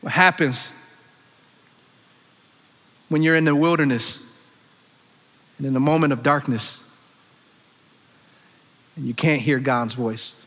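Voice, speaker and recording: A man preaching a sermon, swinging between loud impassioned calls and hushed, low asides. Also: fairly even intonation, slow pace, pauses often. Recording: long echoing reverb of a big hall.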